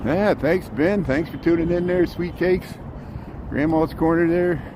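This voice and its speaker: A man with a somewhat high, unhurried voice narrates a live stream while walking through city streets, chatting casually and greeting viewers by name. It was recorded on a handheld phone, and loud street traffic can be heard throughout.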